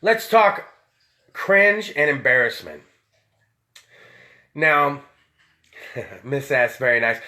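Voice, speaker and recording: Rowdy and tipsy, a podcast host runs a live-streamed show, swearing heavily and talking in a loose way. His voice is a little high and bright, with a forceful tone.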